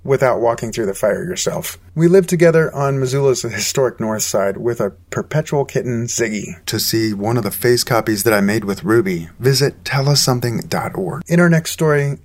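A man hosts a storytelling program and reads the closing announcements in an upbeat, scripted way. His voice sits at a mid pitch. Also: animated, normal speed. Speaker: host.

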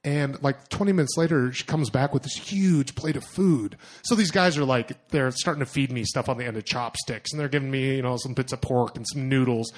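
A young man telling a personal story to an audience, animated and self-mocking, acting out his own thoughts in asides. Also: mid-range voice, a little fast, few pauses. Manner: animated, self-mocking, lots of fillers and acted-out inner voices.

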